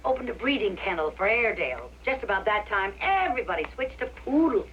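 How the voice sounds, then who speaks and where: A retired vaudeville wife with a lively, animated voice. She tells the story in a dry, wry way. The sound is a muffled 1960s TV soundtrack with faint hiss. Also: medium pitch, quick pace. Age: older. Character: wry, good-humored old woman farmer, retired performer. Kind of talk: 1960s TV drama acting.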